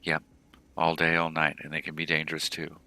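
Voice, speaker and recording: A man's voice: extremely low pitch, completely flat delivery, brisk, bright, forceful tone, full character voice. A man reading aloud the lines of a frightened mother in a cyberpunk video game, in his own plain voice. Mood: wary. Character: frightened middle-aged mother in a cyberpunk slum.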